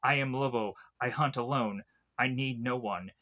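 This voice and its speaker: A man voicing a tough-guy man hiding who he is, in a low hurried mutter. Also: pushed and bright, lo-fi sound, lightly acted. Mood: stern.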